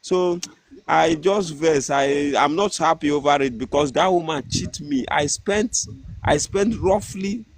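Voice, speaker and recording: A man's voice: on the high side, a little slow. A man with a Nigerian accent telling a story casually, hesitant and earnest, restarting his sentences often. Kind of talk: casual storytelling in pidgin-tinged English.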